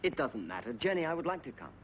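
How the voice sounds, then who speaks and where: An actor playing a gentle, concerned doctor in dubbed film dialogue, reassuring in manner. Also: male voice, on the high side, very animated, fast, slight background noise. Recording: dull old film soundtrack.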